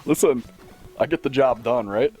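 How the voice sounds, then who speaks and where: A man's voice: medium pitch, moderate pace, darkish tone, faint music behind. A man co-hosting a casual let's-play, laughing often and joking along while playing. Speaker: gaming show co-host.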